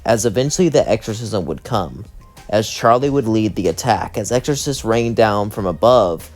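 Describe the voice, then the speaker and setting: A male storyteller reading out a fan-made story in a low voice, stringing one clause after another. Soft music plays faintly under him. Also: animated, normal speed. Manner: chains clauses with "as" and "would".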